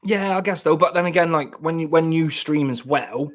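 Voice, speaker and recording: A man's voice: a little high, normal speed. A man, chatting casually on a live stream, joking and rambling as he answers viewers in the chat. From England.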